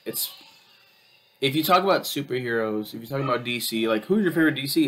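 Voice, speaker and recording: A man's voice: mid-range voice, expressive, a little fast, a bit bright. A young man chatting casually as he reviews a show, rambling with lots of ums and uhs and swearing freely. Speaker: video reviewer. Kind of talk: casual chat.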